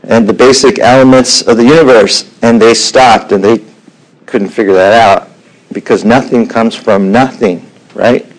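A middle-aged man teaching a Bible lesson in an unhurried way, with frequent fillers and the odd throat clearing. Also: medium pitch, steady tone, poor audio.

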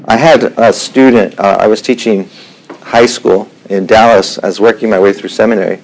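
A middle-aged man teaching a Bible lesson in an unhurried way, with frequent fillers and the odd throat clearing. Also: on the low side, steady tone, darkish tone, low-quality recording.

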